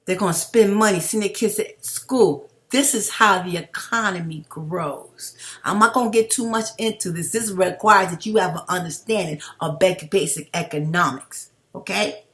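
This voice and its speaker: Fiery, bright-voiced woman ranting to viewers. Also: fairly low pitch, normal speed, hardly any pauses. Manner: heated, blunt and profane, addressing viewers as family. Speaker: video blogger. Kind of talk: impassioned commentary rant.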